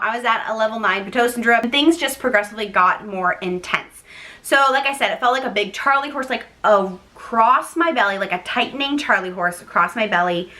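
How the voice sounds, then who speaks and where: A young woman telling a personal story to her vlog audience in a chatty, animated way, with frequent "like" and laughing asides. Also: fairly high pitch. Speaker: vlogger, first-time mom. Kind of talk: casual storytelling to camera.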